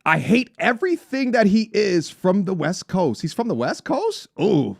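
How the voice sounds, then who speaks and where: A man's voice: on the high side, animated, moderate pace, gravelly. A man hosting a live stream, reading out super chats in a playful, teasing way and laughing often. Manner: playful, teasing, laughs often, jumps between hype and mock-serious. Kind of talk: casual live stream chat. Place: travelling abroad.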